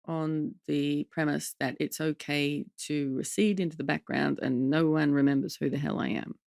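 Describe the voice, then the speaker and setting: A woman guest in a casual conversation, wry and dry, pausing often with fillers. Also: sits low, gravelly, no room sound.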